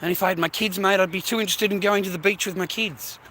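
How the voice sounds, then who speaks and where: Australian man, loose walk-and-talk streamer, high bright voice, faint street noise. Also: fairly even intonation, fast. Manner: chatty, rambling, peppers speech with "mate" and "bro", swears. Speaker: live streamer. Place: outdoors, walking along streets. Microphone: phone held while walking.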